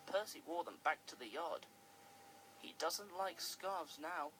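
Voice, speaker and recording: A storyteller reading a children's storybook aloud with expressive delivery. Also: medium pitch, slow pace, a little hiss or hum, poor audio. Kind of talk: storybook narration.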